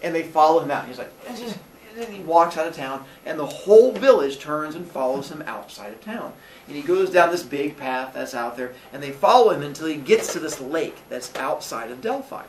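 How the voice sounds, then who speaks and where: A young male teacher telling a story to his class in a playful, animated way, acting out the characters. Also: on the high side, normal speed, recorded from a distance. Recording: echoey classroom, faint noise.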